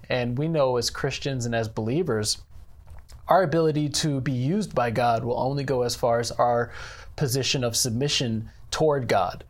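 In an interview about faith, a man who directs a church ministry speaks earnestly at a medium pitch. He sounds measured and leans often on "you know."

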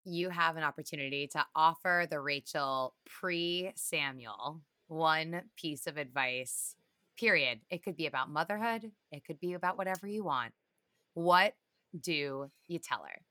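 A woman interviewer who asks questions in a measured, inquisitive way. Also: sits low, bright, forceful tone.

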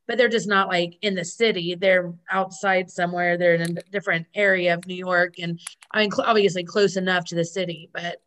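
A woman's voice: lowish voice, steady tone, fairly quick, fairly bright tone, slight background noise. A woman co-hosting a casual chat show, recapping a TV episode with lots of fillers and hedges. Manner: chatty, hedging with fillers. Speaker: podcast co-host.

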